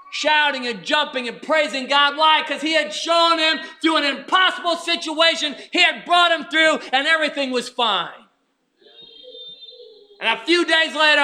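A male preacher with an extremely high, sharply edged voice delivers a fervent sermon. He drives his points home with rhetorical questions and sudden shouts.

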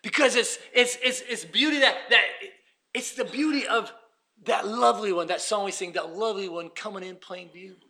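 A man preaching a sermon, dropping to hushed asides and rising to shouted emphasis. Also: high-pitched, moderate pace.

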